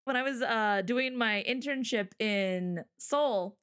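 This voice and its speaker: A woman's voice: slow pace, clear, resonant tone. A young woman co-hosting a casual chat, telling stories with lots of laughter and acting out the people she quotes. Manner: animated storyteller, acts out quotes with big pitch jumps and laughter. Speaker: co-host.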